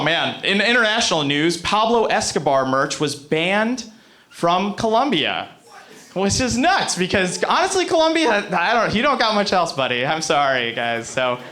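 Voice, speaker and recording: A brash American man performs stand-up on a comedy club stage. His voice sits high and rings bright and forceful as he swears freely and keeps turning to talk straight to the crowd. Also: big pitch swings, unhurried. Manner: brash, profane, rambling asides to the crowd.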